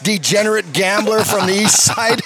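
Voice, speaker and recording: A middle-aged man with a noticeably high speaking voice tells a rowdy story. His delivery is animated and full of swearing. He keeps checking in with his listeners as the casual chat goes on. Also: normal speed, loud music behind the voice. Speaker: guest, former hockey player. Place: bar.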